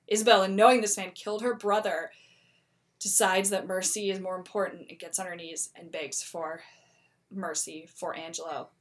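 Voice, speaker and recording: A young woman co-hosting a casual talk show, retelling a play with lively quoted voices for each character. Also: mid-range voice. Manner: animated, acts out characters' lines in quick voices. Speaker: podcast co-host.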